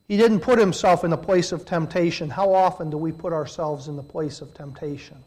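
A middle-aged man delivering a sermon in a fairly high voice. He swings between loud, emphatic peaks and quiet, hushed passages. He acts out the voices of the people he quotes. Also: brisk, few pauses. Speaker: preacher.

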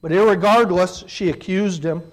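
High-voiced preacher with dramatic swings. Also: male voice, moderate pace. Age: middle-aged. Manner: dramatic swings from loud emphatic peaks to hushed low delivery, acting out quoted voices. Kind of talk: sermon.

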